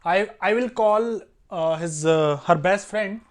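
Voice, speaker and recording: A man's voice: high-pitched, slow pace. A young man with an Indian English accent hosting a casual vlog, eager and encouraging, repeating himself often. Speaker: vlog host.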